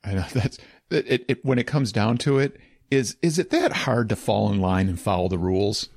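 A man's voice: on the low side, normal speed, a little mellow, dry recording, studio quality. A man hosting a podcast interview, asking reflective questions and laughing often. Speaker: podcast host. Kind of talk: casual interview chat.

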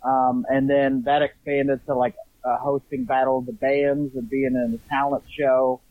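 A man from Indianapolis with a Central Indiana accent, a comedian guest talking in a relaxed, self-deprecating way. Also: medium pitch, normal speed, no room sound. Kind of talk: casual interview chat. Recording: tinny phone line.

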